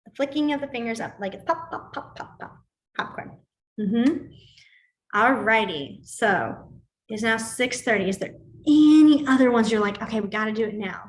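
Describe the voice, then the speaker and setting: A woman's voice: on the high side, fairly quick. Chatty woman teaching a sign class. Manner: chatty, filler-heavy, animated storytelling. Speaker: sign language instructor.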